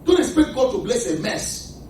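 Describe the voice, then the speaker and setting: A man with a Nigerian accent preaching a sermon, animated, shouting and laughing, calling to his congregation for answers. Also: very high voice, moderate pace, slight background noise. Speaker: pastor. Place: church. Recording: echoey church hall, mic at a distance, congregation audible. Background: responding congregation.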